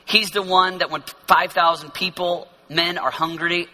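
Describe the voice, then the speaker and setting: Emphatic high-voiced preacher. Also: male voice, little pitch movement, normal speed. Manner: emphatic and repetitive, swinging from loud to hushed. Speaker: pastor. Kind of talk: sermon.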